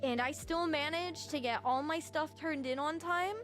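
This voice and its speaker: A woman streamer chatting casually to her viewers, bubbly and excitable with sudden shrieking outbursts. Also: high voice, moderate pace, soft background music.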